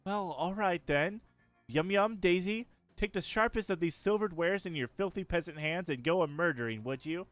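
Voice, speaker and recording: A man voicing a pompous, callous young princess in a video game, speaking in a prim, condescending, drawn-out way. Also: high voice, a bit bright, dry recording, soft background music, voice pushed up. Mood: haughty.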